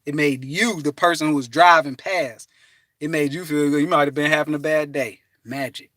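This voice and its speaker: A man giving an animated, preachy motivational talk from his parked car, breaking into bits of song and laughter. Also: a little high, a little fast, no room sound. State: hot and restless. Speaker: vlogger.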